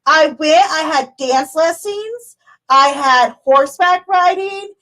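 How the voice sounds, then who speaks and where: A breezy young woman drawls through a list of her day's activities in a slow, sing-song way, pitched up high and floating, as a woman puts her on. The voice stretches out each item lazily. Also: a bit bright, rough recording.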